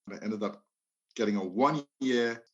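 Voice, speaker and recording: A man's voice: lowish voice, moderate pace, highs cut off. A man in his fifties from Liberia, telling stories from his life as an interview guest, often acting out quoted dialogue. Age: 50s. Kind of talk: casual storytelling interview.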